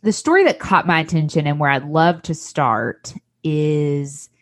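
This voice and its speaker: A woman's voice: low-pitched, measured pace, dry recording. A woman with a Southern American accent hosting a faith podcast, gushing and effusive with her guest. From Tennessee, US. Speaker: podcast host.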